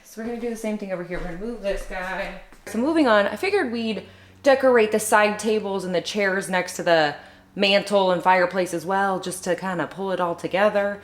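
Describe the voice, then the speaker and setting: Woman, home vlogger, mid pitch, chatty and upbeat, roomy living-room echo. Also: a little fast, slight background noise. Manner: chatty, upbeat, thinks aloud while working. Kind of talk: casual decorating vlog chat.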